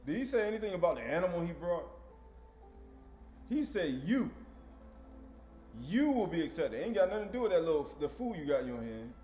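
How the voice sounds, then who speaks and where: Male preacher, casual sermon, fairly high lively voice, roomy sound with faint music behind. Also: fast. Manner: conversational, tag questions like "right?"; acts out dialogue in slangy voices. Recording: echoey room with faint music.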